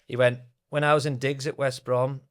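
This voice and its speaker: A man's voice: mid-range voice, flat delivery, normal speed, clean tone. A man, telling football anecdotes in a chatty, laughing podcast conversation. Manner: chatty, laughing storyteller who reads out stories sent in. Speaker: podcast co-host.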